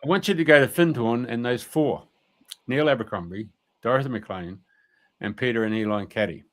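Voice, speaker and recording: A male guest rambles through a story during a radio interview, speaking colloquially with many fillers and some mild swearing. His voice is medium in pitch and moderate in pace.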